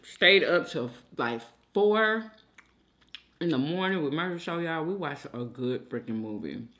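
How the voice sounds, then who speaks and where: Woman, young adult, mukbang host; relaxed talk with a lively rise and fall. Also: deep voice, unhurried. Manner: chatty, keeps addressing viewers as y'all. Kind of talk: casual chat while eating.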